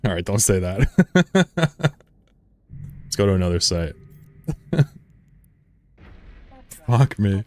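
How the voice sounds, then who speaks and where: A man's voice: lowish voice, measured pace, pauses often, dry recording. A man streaming a game, chatting casually with his audience in a rambling, profane way and chuckling often. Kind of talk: casual live-stream commentary.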